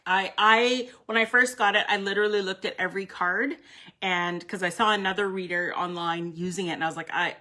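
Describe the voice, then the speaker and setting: A woman's voice: medium pitch, pushed and bright. Woman, live tarot reader; blunt, swearing, chatty with her viewers. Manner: blunt, profane, emphatic; chatty, addresses viewers by name.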